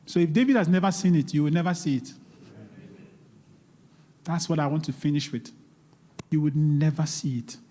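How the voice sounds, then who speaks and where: With a mellow, high-leaning voice at normal speed and long pauses, a man gives a live seminar talk on investing as a guest speaker. Facing an audience in a church hall, he is emphatic and pleading and repeats key words, with the long reverb of a large hall in the recording.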